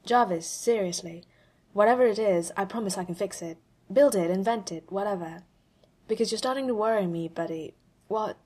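A woman's voice: medium pitch, normal speed, a little mellow, husky, natural voice. A woman voicing a brash male genius inventor who talks casually and sounds worried about his AI.

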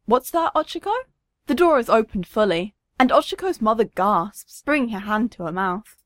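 A woman narrating a story, reading with expressive, varied intonation. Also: medium pitch, normal speed, no room sound.

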